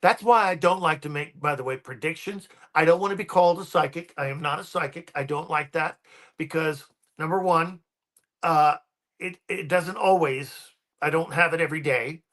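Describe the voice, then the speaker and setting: A man's voice: on the high side, moderate pace, fairly bright tone. A man, a guest paranormal researcher, telling stories in a casual podcast chat and rambling with many ums and restarts.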